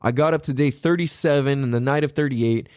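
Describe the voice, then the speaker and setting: A man's voice: medium pitch, a little fast, clean tone, dry recording, studio quality. A middle-aged man hosting a podcast, telling stories in a casual, profane way and acting out the things he said. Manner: profane, animated storytelling, acts out his own quotes. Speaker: podcast host.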